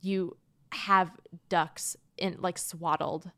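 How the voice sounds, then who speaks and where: A woman with a fairly low, smooth voice chats casually as a podcast co-host. Her talk is loose and full of fillers and the odd swear word, recorded close and dry. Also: flat delivery, drawn-out words, bright, forceful tone, no echo. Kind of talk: casual chat.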